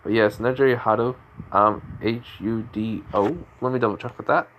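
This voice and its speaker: A man's voice: fairly low pitch, steady tone, normal speed, fairly bright tone, highs cut off, slight background noise. A man telling an improvised fan-fiction story in a rambling way, with frequent restarts and self-corrections.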